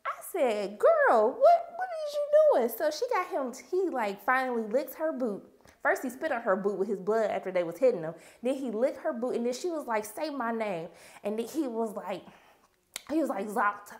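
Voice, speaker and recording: A young woman, chatting casually about a TV episode. Her voice sits a little high, and she slips into the characters' lines as she retells scenes. Animated and talkative throughout. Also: a little fast. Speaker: TV review vlogger.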